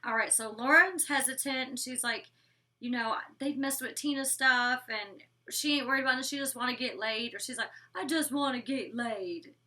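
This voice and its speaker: Woman, twenties, casual vlog recap, blunt, sassy, swears, higher voice. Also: normal speed, pushed and bright, distant mic. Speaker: former reality show cast member reviewing episodes.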